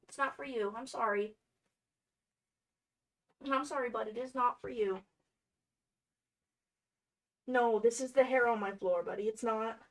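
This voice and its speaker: A young woman talking to her livestream while she works on a craft at home. Her voice sits a little high, and she rambles in a chatty, playful, self-mocking way. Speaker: cosplay streamer.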